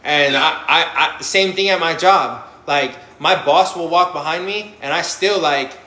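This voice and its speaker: A man's voice: fairly high pitch, unhurried, pushed and bright, echoey room. A young man talking candidly and bluntly about life after prison, swearing often and acting out his own past reactions. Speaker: formerly incarcerated guest on a live panel. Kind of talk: candid conversational storytelling.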